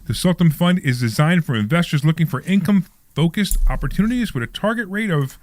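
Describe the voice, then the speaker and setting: A man hosting a live call-in radio show, talking fast and joking with his co-host. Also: fairly high pitch, expressive, dry recording. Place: radio studio.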